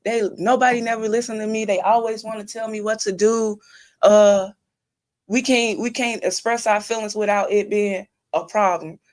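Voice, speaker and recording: A woman's voice: mid-range voice, fairly even intonation, moderate pace, darkish tone. A young woman mentoring kids, talking earnestly in a casual conversation and telling stories with quoted advice. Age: young adult.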